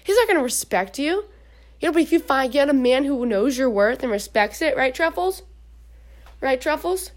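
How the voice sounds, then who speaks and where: A young woman with a slightly high voice speaks directly to her audience on a casual faith-advice podcast, mixing encouragement with preaching. Animated and brisk, she rambles chattily and keeps tossing in "okay?" between points.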